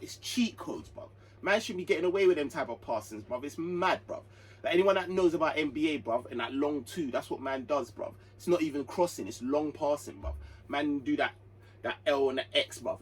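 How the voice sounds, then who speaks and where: A man's voice: mid-range voice, slightly rough. A young man giving a casual, rambling football match review, full of slang, fillers and restarts. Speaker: football channel host. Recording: slightly distant mic with faint hum.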